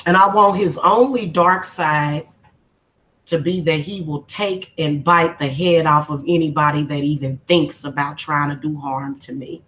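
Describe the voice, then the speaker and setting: A woman's voice: low-pitched, fairly even intonation, a little slow, a bit bright, rough recording. A woman hosting a spiritual channel, talking casually on a livestream in a heartfelt, emotional, informal way.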